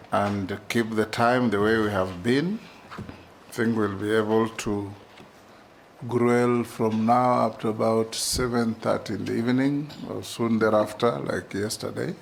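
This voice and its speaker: A man chairing a formal parliamentary hearing, speaking in a measured, deliberate and officious way into a desk microphone in a committee room. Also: fairly low pitch, fairly even intonation, vocal fry, a little hiss or hum.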